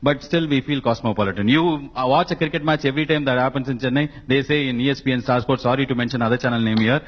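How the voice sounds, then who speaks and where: Rapid-fire jokey man. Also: medium pitch. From Tamil Nadu, South India. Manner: fast, animated, jokey, emphatic. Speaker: panelist. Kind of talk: panel debate. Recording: dull lo-fi broadcast sound.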